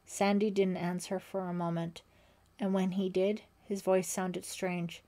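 Woman narrating in a mellow tone. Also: lowish voice. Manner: steady, measured storytelling. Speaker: audiobook narrator. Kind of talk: scripted narration.

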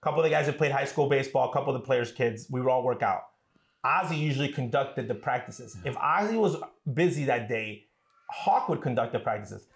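A man in his thirties, co-hosting a casual chat at home, recalling stories quickly and with enthusiasm. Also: medium pitch. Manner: rapid, enthusiastic recollection. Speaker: co-host, son of the host. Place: home room. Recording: roomy echo.

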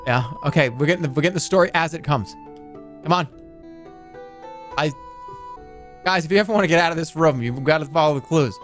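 A man streaming a game, chatting casually and joking as he reacts out loud to what happens. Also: a little high, a little fast, pauses often, faint music behind. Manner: playful, jokey, reacts out loud, swears. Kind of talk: casual live-stream gameplay commentary.

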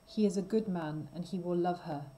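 A woman's voice: lowish voice, normal speed, dark tone, a little hiss or hum, close to an everyday voice, poor audio. A woman voicing Tristram, an earnest and loving young male knight, in a storybook read aloud.

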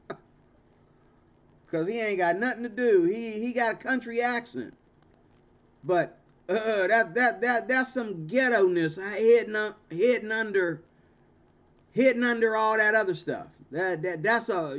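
Vlog host, male, high-pitched, confrontational and emphatic; muffled lo-fi recording. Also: fairly bright tone. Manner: emphatic, repetitive, stammering restarts; confrontational, ranting. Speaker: channel host. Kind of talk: monologue commentary vlog. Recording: dull lo-fi recording.

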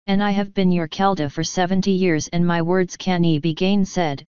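Woman as old voiced clan mother, stern, slow, dull lo-fi sound. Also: on the low side, fairly even intonation, dark tone, clean tone, dry recording, natural voice. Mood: commanding. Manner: slow, commanding, canny. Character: ancient tiny Scottish-voiced fairy clan mother, stern.

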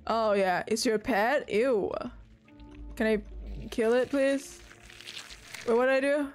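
A young woman streaming a video game, chatting casually and often yelling and laughing at what happens on screen. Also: a little high, slow pace. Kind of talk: casual gameplay commentary. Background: game music.

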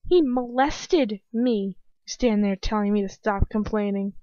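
A woman's voice: medium pitch, unhurried, dark tone, no echo, lightly acted. A woman voicing a frightened but defiant young woman who protests, in a dry, dull lo-fi home recording. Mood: indignant.

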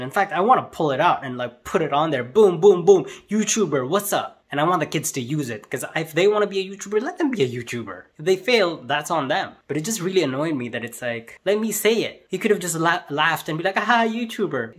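A young man, an assistant language teacher, telling a story in a casual vlog in an animated, exasperated way. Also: on the high side. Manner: animated, exasperated ranting with frequent "like" and "bro".

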